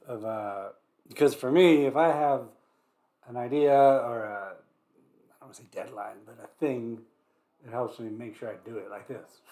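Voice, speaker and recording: A man's voice: mid-range voice, a little mellow. Rambling, joking man hosting a livestream. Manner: loose and joking, trails off and restarts, greets chat viewers by name. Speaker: livestream host. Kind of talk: rambling casual livestream chat.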